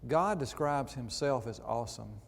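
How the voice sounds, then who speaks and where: A man's voice: medium pitch, expressive, moderate pace. A man preaching a sermon in a church, reading scripture and adding conversational asides. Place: church auditorium. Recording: long reverb in a church hall.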